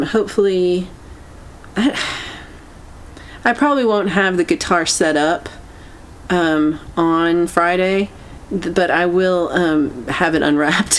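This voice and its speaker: A woman hosting a casual livestream chat, meandering and halting as she reacts to viewer comments. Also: fairly low pitch, slight background noise. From United States. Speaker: livestream host.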